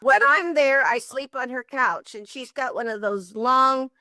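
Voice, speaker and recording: An older woman telling lively, expressive stories as an interview guest, often laughing. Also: high-pitched, unhurried, no echo, clean studio sound. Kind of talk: animated storytelling.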